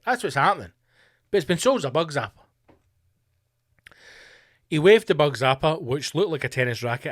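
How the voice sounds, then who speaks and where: A man's voice: mid-range voice, a bit bright. A man hosting a podcast, delivering a profane, mocking comedic rant. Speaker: podcast host.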